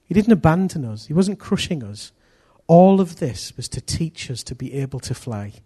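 A middle-aged preacher delivers a sermon with a somewhat high, husky voice. He talks animatedly, acting out other people's voices and dropping from loud to hushed. His delivery swings between urgent and quiet. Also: lively intonation, normal speed.

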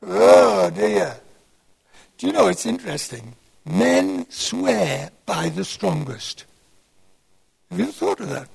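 A man's voice: sits high, very animated, unhurried, vocal fry, husky, rough recording. A man, giving a rambling sermon talk and asking the audience questions as he digresses. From North East England. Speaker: Christian speaker.

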